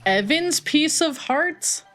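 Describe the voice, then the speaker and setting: A woman's voice: high voice, animated, slow pace, a bit bright, soft background music. A woman from Texas streaming a game, chatting casually and swearing freely as she reacts. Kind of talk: casual gaming livestream chat.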